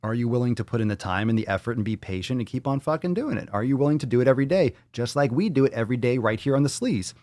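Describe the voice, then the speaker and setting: A man's voice: medium pitch, lively intonation, rapid-fire, few pauses, darkish tone, dry recording, studio quality. A man hosting a fitness podcast in a blunt, profane, motivational way. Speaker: podcast host. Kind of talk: casual podcast monologue.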